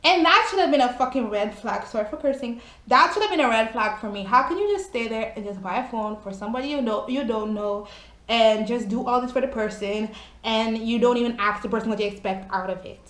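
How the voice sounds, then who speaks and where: A young woman tells a storytime in an animated, exclamatory way, chatty and cursing now and then. Her voice sits a little high. The room around her is echoey. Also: a little fast. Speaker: vlogger. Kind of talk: casual storytime.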